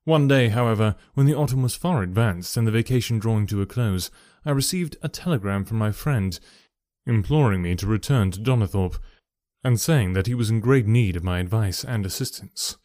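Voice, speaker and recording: A man's voice: fairly low pitch, fairly quick, warm tone, dry recording. Man narrating a story, dry close sound. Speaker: audiobook narrator.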